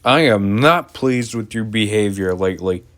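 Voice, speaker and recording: A man voicing a stern, portly railway boss who booms and scolds. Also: expressive, moderate pace, fairly bright tone. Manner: booming and scolding.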